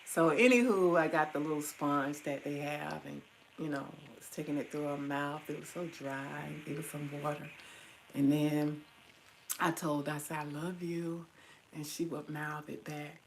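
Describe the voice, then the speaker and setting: A middle-aged woman tells personal memories straight to her viewers, calling them y'all. Her voice sits low with a gravelly fry, tender and at times teary-eyed. A faint hum of room noise runs underneath. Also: a little slow, low-quality recording. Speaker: vlogger.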